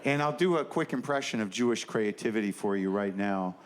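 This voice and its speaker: A man's voice: lowish voice, lively intonation, fairly quick. A man doing a stand-up comedy set on stage, riffing in a rambling, conversational and profane way. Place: stage before a live audience. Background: faint audience laughter.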